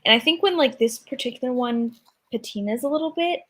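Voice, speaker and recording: A woman's voice: on the high side, fairly quick. A young woman co-hosting a casual chat, thinking aloud in a hesitant, agreeable way. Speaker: co-host.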